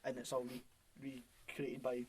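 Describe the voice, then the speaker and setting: A man's voice: medium pitch, completely flat delivery, moderate pace, a little hiss or hum. A young Scottish man co-hosting a podcast, rambling in casual chat, laughing often and swearing. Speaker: podcast co-host.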